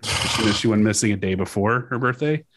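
A young man hosting a podcast, casually chatting and reading news quotes aloud, swearing and pausing with fillers. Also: on the low side, fairly bright tone, dry recording. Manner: casual, profane, halting with fillers. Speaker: podcast host.

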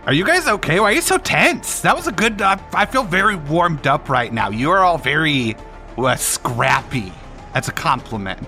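A man's voice: a little high, moderate pace, faint music behind, full character voice. A man playing a smug, cocky male villain who taunts the heroes. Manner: mocking, relaxed taunts.

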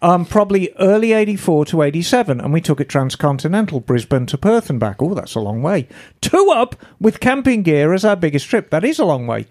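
A chatty woman co-host talks in a loose, easygoing way. She reads listener emails aloud in a relaxed, conversational tone and drops the odd casual swear word. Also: on the low side, a little fast. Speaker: podcast co-host.

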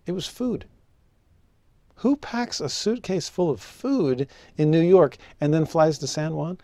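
Man, scripture teacher, animated storyteller, solemn verse reading, fairly high voice, dry sound. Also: unhurried, no echo. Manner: expressive, rises in pitch for rhetorical questions. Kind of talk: scripture lesson with personal stories.

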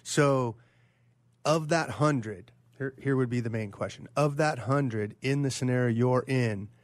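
A man's voice: mid-range voice, unhurried, no room sound. A man co-hosting a podcast, asking long, hesitant questions with many restarts. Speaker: co-host. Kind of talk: casual interview chat.

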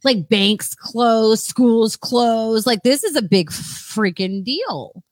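A woman's voice: a little high, expressive, takes it slowly, no echo. A woman co-hosting a podcast, chatting casually in a playful, teasing way and laughing often. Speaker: podcast co-host. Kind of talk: casual chat.

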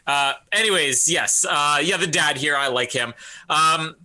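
Guy cohosting a movie podcast, bright voice, kinda high, laughs a lot. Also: a little slow. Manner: chatty, laughs often. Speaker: podcast co-host. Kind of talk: casual movie chat.

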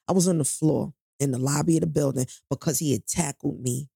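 A gravelly, husky-voiced woman, telling a story from her own life to a podcast audience. Her voice sits low and dark, and the sound is close and dry, with no room around it. She talks casually, swears freely and throws herself into other people's lines. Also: normal speed, no echo. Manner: animated, profane, acts out quotes loudly.

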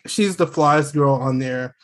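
A man's voice: medium pitch, measured pace. A man co-hosting a podcast in casual chat, easygoing and agreeable. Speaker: podcast co-host.

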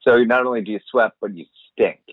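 A man's voice: fairly low pitch, a little fast, no room sound. A man co-hosting a podcast remotely, teasing and sarcastic in casual chat. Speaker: podcast co-host. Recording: tinny phone-like line.

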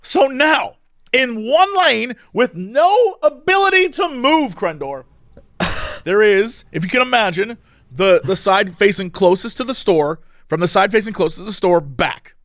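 A man's voice: high-pitched, sing-song, a little slow, a bit bright, dry recording, clean studio sound. A man telling a story in casual chat, laughing often and acting out the people in it.

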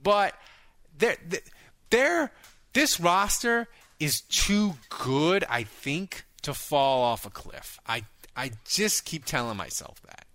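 A man hosting a casual sports talk show, animated and quick with asides, often repeating words as he thinks. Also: fairly high pitch, dry recording. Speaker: podcast host.

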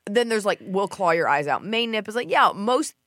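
A woman's voice: medium pitch, sing-song, a bit bright, no room sound. Joking woman podcast host, dry close sound. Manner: quick, joking, slips into mock voices. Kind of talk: comedic casual chat.

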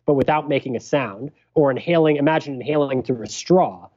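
A man, a physician and podcast guest, explaining a breathing technique in a measured, thoughtful way. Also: medium pitch, darkish tone, dull audio. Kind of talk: explanatory interview talk.

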